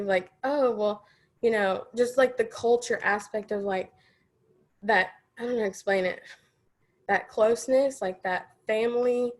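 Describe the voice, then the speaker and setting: A woman in an interview telling a personal story in a casual, hesitant way, full of fillers and nervous little laughs. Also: fairly high pitch.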